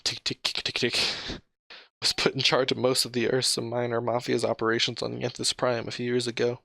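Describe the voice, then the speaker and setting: A man's voice: mid-range voice, monotone, brisk, gravelly, pushed and bright, no room sound. A man reading an interactive space adventure story aloud in a casual way, stopping to comment on his own slips. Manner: chatty, comments on his own slips and laughs mid-read. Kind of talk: casual read-aloud narration.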